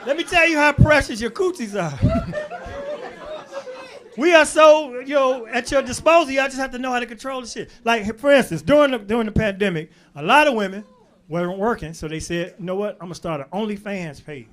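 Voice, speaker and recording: A man performing a stand-up comedy set in a club, working the crowd with loud bursts and low asides. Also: expressive, brisk. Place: comedy club stage before a laughing crowd. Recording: live club recording with crowd laughter. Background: audience laughter.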